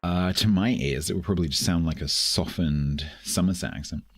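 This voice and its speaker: A man's voice: low voice, a little fast. A man with a Southeast English accent, from London, chatting casually while streaming a game, rambling along with dry joking asides. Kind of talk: casual live-stream chat.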